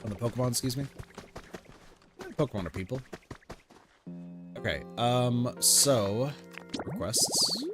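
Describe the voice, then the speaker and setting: A man's voice: medium pitch, lively intonation, unhurried, long pauses. A man streaming a video game, chatting casually and thinking aloud with lots of fillers. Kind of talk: casual let's-play commentary. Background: game music.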